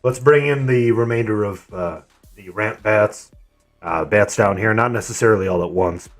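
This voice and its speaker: A man streaming and leading an online game raid, telling a story and giving calls in a relaxed, rambling way. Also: lowish voice, moderate pace, soft background music.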